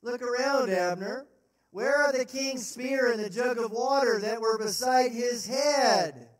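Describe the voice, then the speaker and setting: A man voicing a bold young male warrior who taunts and shouts in a mocking way. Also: extremely high pitch, unhurried, voice pushed up. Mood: taunting shouts. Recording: roomy sound from a distant mic.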